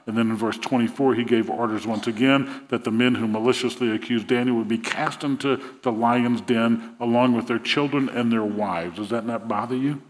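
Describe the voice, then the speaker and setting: A man's voice: medium pitch, fairly even intonation, moderate pace, hardly any pauses. Man preaching in a reverberant hall. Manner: storytelling preacher, voices the king's lines with rising emphasis. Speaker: pastor. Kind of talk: sermon.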